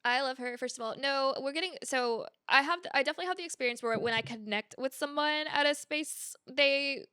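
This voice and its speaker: A woman from the American South co-hosting a comedy podcast, chatting quickly and loosely with lots of fillers. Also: high voice, bright, forceful tone, no room sound, studio quality. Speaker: podcast co-host. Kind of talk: casual chat.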